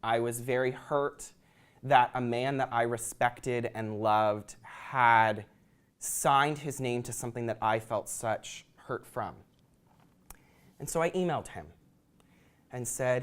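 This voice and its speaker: A man's voice: mid-range voice, slow, clear, resonant tone. A young man giving a prepared talk to an audience, earnest and reflective, with occasional ums. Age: young adult. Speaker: student speaker.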